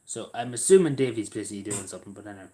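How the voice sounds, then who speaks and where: Male streamer, low-ish voice, hesitant and rambling, casual chat with viewers. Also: rapid-fire, warm tone. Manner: rambling, hesitant, many fillers and restarts. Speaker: livestream host. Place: at home in a squeaky chair.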